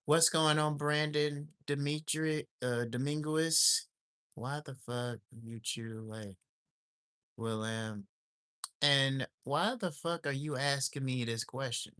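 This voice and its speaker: A man's voice: mid-range voice, slow, fairly bright tone, smooth. A man on a casual livestream, ranting bluntly and swearing as he repeats his complaints and reads out viewer names. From lives in Alaska. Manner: repetitive and exasperated.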